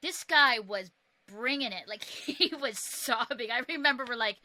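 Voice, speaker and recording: A woman hosting a casual chat, telling stories in a lively way and laughing easily. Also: fairly high pitch, moderate pace, slight background noise. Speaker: host.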